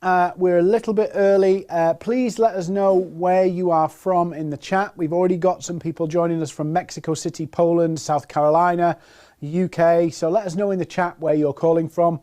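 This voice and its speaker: A man's voice: high voice, steady tone, moderate pace, mellow. A man from the north of England hosting a live online sales webinar, chatting and greeting viewers by where they are from. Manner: chatty, reads out viewers' names and places. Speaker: webinar host. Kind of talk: live-stream webinar intro. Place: presenting from a home set-up in Plymouth.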